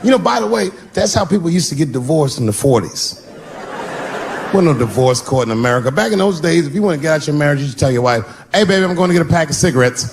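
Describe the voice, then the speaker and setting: A man telling stand-up stories on stage, animated, swinging between shouts and low mutters. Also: fast, gravelly. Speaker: stand-up comedian. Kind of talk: stand-up storytelling. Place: stage before a live audience. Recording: live stage recording with background noise.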